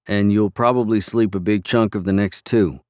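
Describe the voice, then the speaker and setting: A man voicing a steady, protective grown man who speaks low and earnestly in an audiobook. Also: normal speed, no echo, clean studio sound, lightly acted. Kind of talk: audiobook character reading.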